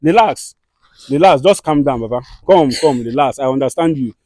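A man with a Nigerian accent who hosts a comedy skit, scolding and soothing people in fast, direct talk. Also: medium pitch, lively intonation, darkish tone, no echo, clean studio sound. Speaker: skit host and mediator.

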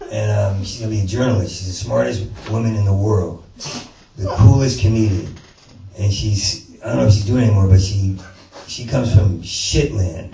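There's vocal fry in this man's fairly low voice as he does stand-up, telling a meandering story packed with stammering and swearing. The setting is a small venue with an audience present. The sound is roomy and slightly noisy, recorded from a distant mic.

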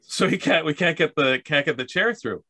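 A man's voice: on the high side, normal speed, sharp tone, slightly rough, no echo. A Canadian man telling a rambling, humorous story about accessibility, acting out the dialogue as he goes. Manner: rambling, with restarts and acted-out dialogue. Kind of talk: casual storytelling talk.

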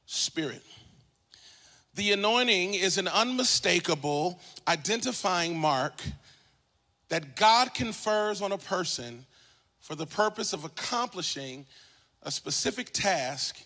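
A man pastor preaching a sermon in a singsong cadence that rises to shouts, at times dropping into slow, low, deliberate teaching. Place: church.

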